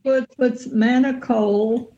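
An older woman on a family podcast, slowly reading scrawled notes aloud, stumbling over words. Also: fairly high pitch, fairly even intonation, dark tone, lo-fi sound. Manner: halting, stumbling over handwriting.

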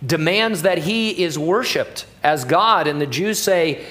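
A man's voice: on the high side, lively intonation, unhurried, hardly any pauses, fairly bright tone. A middle-aged male pastor preaching an expository sermon in a conversational, joking way, full of asides and fillers.

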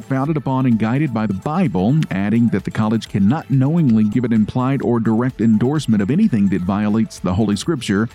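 Man reading radio news, mellow. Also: mid-range voice. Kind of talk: read news segment.

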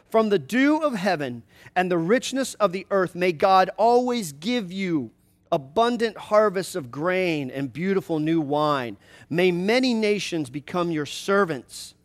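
A man reading the lines of a frail, blind old father in a slow, hushed, grave way. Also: a little high.

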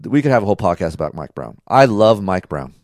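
Profane, rambling low-voiced man. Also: fast, no echo, clean studio sound. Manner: rambling, profane, animated storytelling. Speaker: podcast co-host. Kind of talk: casual chat.

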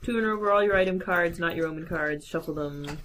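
A woman's voice: fairly low pitch, fast, noisy background. A woman playing a board game with friends, reading cards aloud with wry asides. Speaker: player. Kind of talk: casual tabletop game play.

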